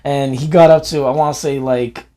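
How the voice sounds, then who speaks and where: A man's voice: medium pitch, steady tone, moderate pace, dark tone. A man in casual conversation telling a story, often quoting people in a raised voice. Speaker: podcast co-host. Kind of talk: casual chat.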